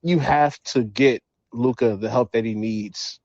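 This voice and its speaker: A man's voice: medium pitch, unhurried, a little mellow, no echo, highs cut off. A man calling in to a live podcast, making his points casually and persuasively. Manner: persuasive, keeps saying "listen". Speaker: caller. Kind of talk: casual call-in chat. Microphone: live audio app.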